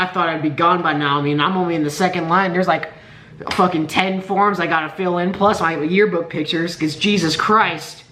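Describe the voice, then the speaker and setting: This is a high, pushed and bright male voice over slight background noise: a late-teen Nebraska vlogger complaining in a sarcastic, profane rant. He records indoors beside a window, in a room that sounds spacious and echoey.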